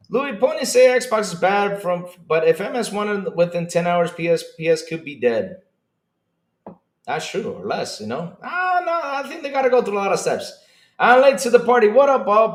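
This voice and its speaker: A man streaming a casual reaction to his chat, excitable and full of mock outrage. His high voice swings up and down a lot, and it rings in an echoey room. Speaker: streamer host.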